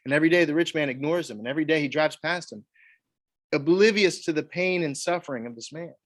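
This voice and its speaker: A man, leading a church Bible study, animated and acting out quoted voices. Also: a little high, quick pace. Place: church meeting room.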